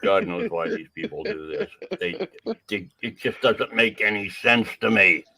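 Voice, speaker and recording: Man, low voice, laid-back narration, self-deprecating, offhand. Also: a little slow, creaky, sharp tone. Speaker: video creator.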